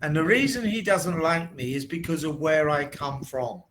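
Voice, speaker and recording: A man from southeast England with a southern English accent, tutoring English in an online lesson and speaking slowly and plainly. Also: on the high side, a bit bright, a little hiss or hum, poor audio. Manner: slow, plain, deliberate speech. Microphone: video call.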